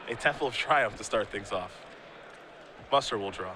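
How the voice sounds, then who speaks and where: A man's voice: on the low side, normal speed, pushed and bright, slight background noise. A man calling a card game tournament live as play-by-play commentator, with playful, teasing banter between plays.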